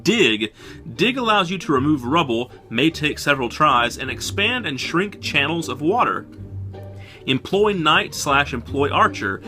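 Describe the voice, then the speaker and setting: Wry, bright-voiced man vlogging. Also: a little high, sing-song, a little slow, faint music behind. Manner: casual, wry, joking asides. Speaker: retro game collector vlogger. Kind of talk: casual collection video.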